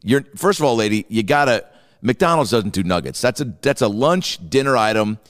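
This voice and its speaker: A man's voice: medium pitch, normal speed, big-room sound. A man hosting a comedy reaction show, riffing profanely on a clip and acting out the people in it. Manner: animated storytelling, heavy swearing, acts out voices. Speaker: host reacting to a video clip.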